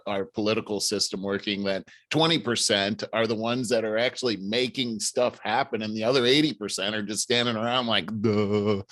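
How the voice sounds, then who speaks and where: A man's voice: on the low side, fairly bright tone, dry recording. A man hosting a podcast, recounting news in a casual, hesitant way with many fillers. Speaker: podcast host.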